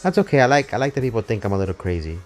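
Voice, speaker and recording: Male game streamer, lowish voice, rambling swearing live commentary, faint game music behind. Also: very fast. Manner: excitable, swearing, rambling, self-mocking. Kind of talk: casual live gameplay commentary.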